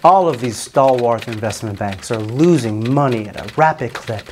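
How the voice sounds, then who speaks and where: A man's voice: mid-range voice, lively intonation, normal speed, a little mellow, slight background noise. A man hosting a comedy show, giving sarcastic, satirical commentary on business news. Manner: sarcastic, with jokey swoops into silly voices.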